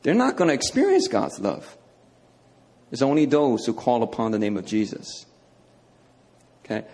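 A man's voice: medium pitch, huge pitch swings, moderate pace, darkish tone. A male preacher teaching a sermon in a conversational, emphatic way, often checking in with "okay".

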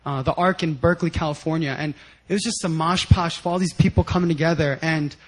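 A man preaching a sermon with personal stories, animated, sometimes shouting out quotes and laughing as he tells them. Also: fairly high pitch, fast, poor audio. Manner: animated storytelling, acts out quotes loudly and laughs. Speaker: guest speaker at a church service.

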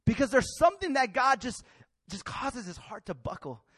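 A man preaching a sermon in a lively, colloquial way, acting out scenes with slangy voices. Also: very high-pitched, normal speed, no echo. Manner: animated, colloquial, acts out Bible characters in street slang.

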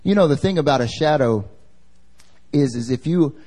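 Brief: male preacher, somewhat high voice with a mellow tone, conversational sermon, quizzes the listeners. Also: lively intonation, normal speed. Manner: casual and slangy, asks the congregation questions. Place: church service.

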